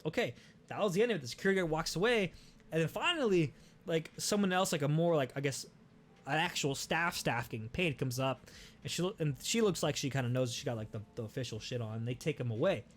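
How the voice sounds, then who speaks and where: Animated, swearing young man telling a story. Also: on the high side, fast, slight background noise. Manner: animated, profane, many restarts. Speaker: podcast host. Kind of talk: casual storytelling.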